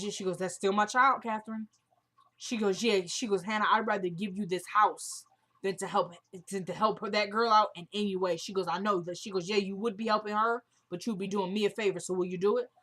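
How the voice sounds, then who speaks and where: A woman's voice: medium pitch, fairly bright tone. A woman vlogger recapping a TV drama episode in a casual, chatty way, retelling each scene line by line with "she goes" and informal slang.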